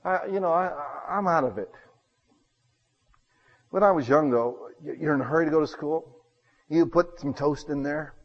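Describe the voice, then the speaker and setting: A man preaching a sermon, telling homey stories and swinging between loud bursts and hushed asides. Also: on the high side, moderate pace, pauses often, long reverb tail, muffled recording.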